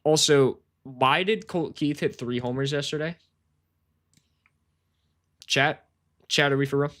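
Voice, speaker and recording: Bright-voiced slangy male streamer. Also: fairly high pitch, unhurried. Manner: rambling, slangy, talks to chat, says "bro" a lot; self-deprecating, laughs often. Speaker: sports betting streamer. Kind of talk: casual live-stream chat.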